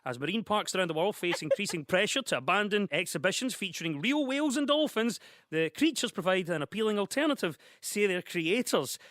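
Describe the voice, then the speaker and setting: Guy hosting a comedy news show, upbeat, bright ringing tone, high voice. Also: expressive, no room sound, clean studio sound. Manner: brisk, upbeat, laughs easily. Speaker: comedy panel show host. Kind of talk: scripted news-parody presenting.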